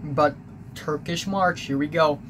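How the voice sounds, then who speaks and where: A young man with a fairly high voice recounts his school days in a rambling, confessional monologue, stumbling over restarts and fillers. A steady hum of background noise sits under him. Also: a little slow. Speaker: vlogger. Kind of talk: personal storytelling monologue.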